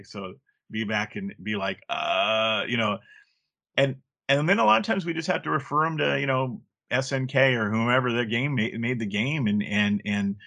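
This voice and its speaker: A man's voice: fairly low pitch, pushed and bright. A middle-aged man talking casually as an interview guest, rambling with frequent restarts and fillers. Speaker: guest, former game play counselor.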